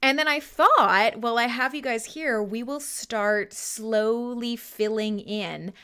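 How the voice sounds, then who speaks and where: A woman hosts a live-streamed show in loose, casual chat. She swears freely, jokes and laughs often. Her voice is bright, clear and crisp, pitched a little high. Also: takes it slowly. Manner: profane, joking and laughing often. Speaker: host.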